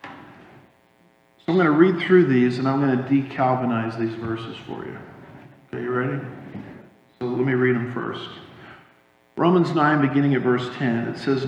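A man's voice: medium pitch, moderate pace, long pauses. A man preaching a sermon as a pastor, teaching emphatically and explaining Greek words to a congregation. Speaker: pastor teaching a Bible study. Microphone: stage microphone with sound problems. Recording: echoey hall through a dull, lo-fi sound system with faint hum.

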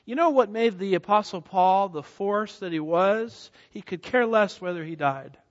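A high-voiced preacher gives an emphatic expository sermon at normal speed, firing questions at his listeners and answering them himself. His voice rings through a church sanctuary with a long reverb tail, and the recording is somewhat muffled.

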